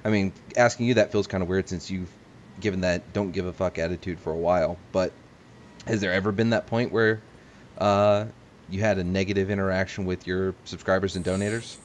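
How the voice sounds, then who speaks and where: A man's voice: low-pitched, fairly even intonation, fairly quick, slight background noise. A man hosting a podcast, asking his guest long, rambling questions. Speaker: podcast host. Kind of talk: casual interview.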